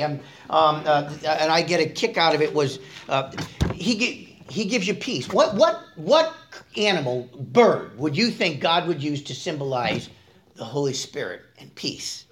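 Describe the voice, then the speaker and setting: A man preaching a casual, conversational sermon, asking the congregation questions and moving between loud emphasis and quiet asides. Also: sits high, a little hiss or hum.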